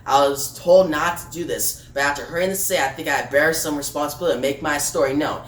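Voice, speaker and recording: A man's voice: fairly high pitch, fast, a bit bright, a little hiss or hum, close to an everyday voice. A man reading out the confession of a young woman villain, using his plain voice for her lines. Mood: remorseful. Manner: reads quoted lines in a plain voice. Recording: roomy, distant mic, faint music.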